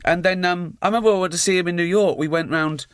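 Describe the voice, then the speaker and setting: A man chatting as a guest, telling animated anecdotes and acting out the quoted lines. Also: high-pitched, fast talker, clean tone, no room sound. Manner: animated storyteller, acts out quotes. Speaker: comedian and guest. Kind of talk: anecdotal chat.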